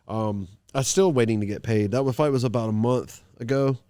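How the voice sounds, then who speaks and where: A man in casual conversation, telling a story loudly and with energy, acting out the other people in it. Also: medium pitch, moderate pace, hardly any pauses, clean tone, dry recording. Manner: animated, loud when quoting himself. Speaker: podcast guest, fighter. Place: gym mats.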